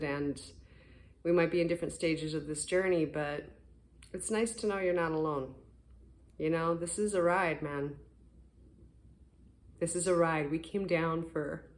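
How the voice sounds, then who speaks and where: An earnest, gentle voice of a spiritual vlogger, talking casually to the camera in the morning. The delivery is encouraging and meandering, and the voice is still a little rough from sleep. The pitch sits in a middle range.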